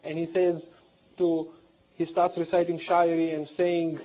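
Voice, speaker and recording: A man's voice: fairly high pitch, flat delivery, measured pace. A man giving a sermon, retelling a tragic story with impassioned, mournful intensity. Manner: impassioned, voice rising toward a mournful cry. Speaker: Islamic lecturer. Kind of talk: sermon retelling a historical tragedy. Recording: tinny phone-like sound.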